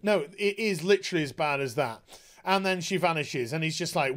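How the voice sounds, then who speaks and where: A man's voice: fairly high pitch, a little fast, a bit bright. A man ranting in a video review, exasperated and sarcastic, swearing often. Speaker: TV show reviewer.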